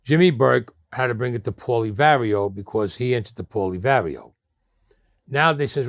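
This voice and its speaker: A man's voice: mid-range voice, brisk, no room sound. An older man with a New York accent telling blunt, streetwise stories as an interview guest, often acting out the people in them. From Brooklyn, New York. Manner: blunt, streetwise storyteller who acts out quoted people. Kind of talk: storytelling interview.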